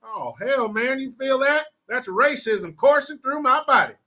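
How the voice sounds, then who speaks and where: A man's voice: very high-pitched, expressive, unhurried, pushed and bright, pitched above the performer's own voice, full character voice. A man voicing a hot-headed Southern white cop with a drawling Southern US accent, talking crude and blustering. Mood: gloating.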